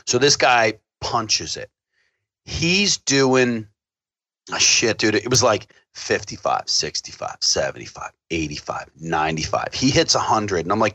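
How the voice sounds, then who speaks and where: Man, casual storyteller, swears freely and acts out quotes, bright forceful voice, dry sound. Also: on the low side, a little slow, no room sound. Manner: profane, animated storyteller acting out quotes.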